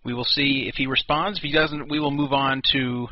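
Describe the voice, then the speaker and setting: A man's voice: medium pitch, fairly even intonation, moderate pace. A man hosting an internet radio show by himself talks in a loose, rambling way, with restarts and wry jokes about himself. The sound is dry, with no room echo, and slightly muffled and lo-fi. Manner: casual, self-deprecating, rambling with restarts. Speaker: host.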